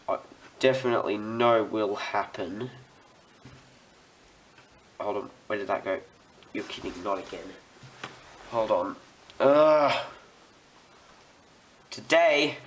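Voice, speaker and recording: A man's voice: on the low side, fairly bright tone, a little hiss or hum. A young man with an Australian accent, a student, giving a rambling, chatty model railway building tutorial while he works. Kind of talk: casual hobby tutorial.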